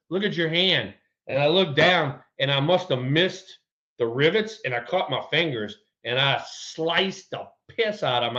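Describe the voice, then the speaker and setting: Male co-host, storyteller, slightly high pitch, muffled lo-fi audio. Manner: animated storyteller, repeats words, acts out quotes. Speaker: co-host, former ballplayer. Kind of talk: casual storytelling chat.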